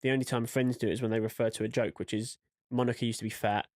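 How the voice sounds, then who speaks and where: A man's voice: medium pitch, level tone, quick pace, a little mellow, no room sound. Man chatting on a dry podcast mic. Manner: rambling, acts out quotes. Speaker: podcast co-host. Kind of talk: casual chat.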